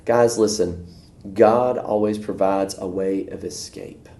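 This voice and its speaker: A man teaching a church video lesson, telling folksy stories and acting out voices in a high, excited tone. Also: slow, vocal fry. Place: church room. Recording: echoey room.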